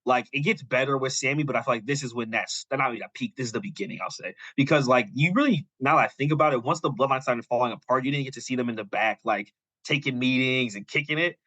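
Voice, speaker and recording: A man's voice: mid-range voice, fast talker, sharp tone, no room sound. A male podcast co-host in casual chat, animatedly retelling a story and quoting characters.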